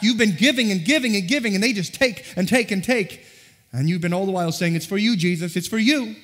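A pastor delivers his sermon, pressing the congregation with one rhetorical question after another in an earnest tone. His voice sits a little high for a man. The sound rings out with the long reverb of a large church hall. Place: church sanctuary.

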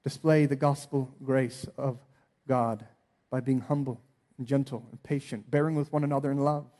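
A pastor in his thirties preaches a sermon earnestly, dropping soft before rising into emphatic appeals. His voice is medium-pitched and steady, at normal speed.

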